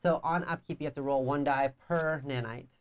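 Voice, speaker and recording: A woman with a deep, low voice chatting through a board game match. She teases her opponent and thinks each move through out loud in a relaxed, casual way. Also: fairly quick, lo-fi sound, a little hiss or hum. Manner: teasing, thinks her moves through aloud. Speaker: board game player and co-host.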